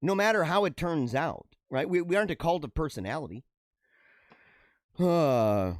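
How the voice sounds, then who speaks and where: A man hosting a casual livestream show, reading out viewer comments and chatting back in an animated way on a radio-style mic. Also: moderate pace, dry recording, studio quality. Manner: animated, talks with feeling, drops pitch low for asides. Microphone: radio-style studio mic.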